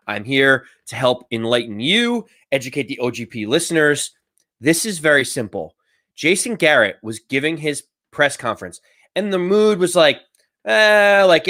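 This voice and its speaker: In a casual sports podcast chat, a male co-host explains a story step by step and acts out the quotes. His voice is medium-pitched with a sharp tone, recorded at studio quality without echo.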